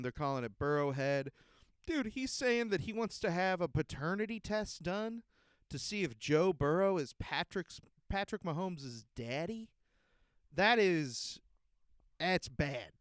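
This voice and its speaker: A man's voice: sits high, very animated, unhurried, fairly bright tone, clear, resonant tone, no room sound, studio quality. A man hosting a podcast, ranting in a profane, heated and exasperated way. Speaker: podcast host. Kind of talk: casual ranting monologue.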